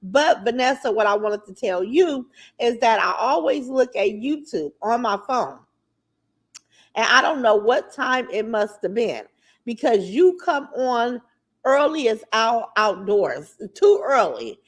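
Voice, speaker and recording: A woman hosting a casual livestream, greeting viewers by name and chatting in a lively, talkative way with features, swearing now and then. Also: a little high, a little slow. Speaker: livestream host.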